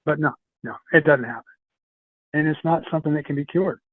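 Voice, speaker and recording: A man's voice: a little high, fairly quick, no echo. A man telling long paranormal stories as a podcast guest, rambling, repeating himself and laughing often. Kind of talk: casual storytelling chat. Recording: tinny phone-like line.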